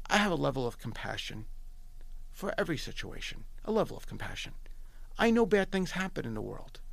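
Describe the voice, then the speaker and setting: A man's voice: fairly high pitch, vocal fry, no room sound. A middle-aged man from New York with a New York accent, telling a story as a podcast guest, emphatic and repeating himself, quoting dialogue. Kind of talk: animated storytelling.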